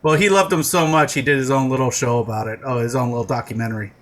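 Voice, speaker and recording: A man's voice: medium pitch, fairly even intonation, fast talker. A man co-hosting a comedy podcast, riffing crudely and laughing often. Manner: joking, laughs often, rambling riffs. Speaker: podcast co-host.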